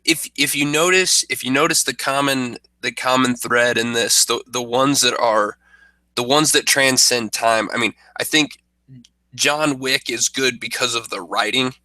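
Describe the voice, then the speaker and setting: A man with a sharply bright, forceful tone talks through his opinions at a measured pace. The sound is dry and close, with no room around it. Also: medium pitch, dry recording, rough recording. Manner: measured, restarts phrases while building a point. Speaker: podcast co-host. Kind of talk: casual chat.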